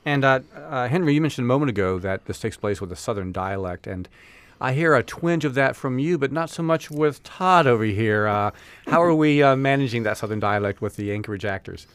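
A man's voice: mid-range voice, fairly quick, clear, resonant tone, no room sound. A man hosting a radio interview, asking long conversational questions. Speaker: radio host.

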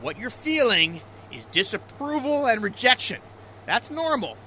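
A man playing a gruff commercial salmon seine skipper who stammers and tries to soothe his crew with counselor talk. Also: very high-pitched, big pitch swings, measured pace, a little hiss or hum, heavily acted, low-quality recording. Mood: soothing. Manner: stammering, swings between yelling and soothing. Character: blustery male salmon seine skipper turned gentle counselor.

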